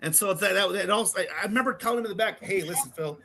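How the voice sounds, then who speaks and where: Rapid-fire and high-voiced, a middle-aged pro wrestler and former wrestling coach chats casually as a podcast guest, telling profane anecdotes and mimicking the people he quotes. Background noise is audible.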